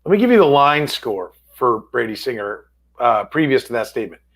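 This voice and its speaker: A man's voice: mid-range voice, big pitch swings, brisk, fairly bright tone. A man co-hosting a late-night sports podcast, talking in a sarcastic, profane way. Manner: sarcastic, profane, mock-quoting players. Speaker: podcast co-host.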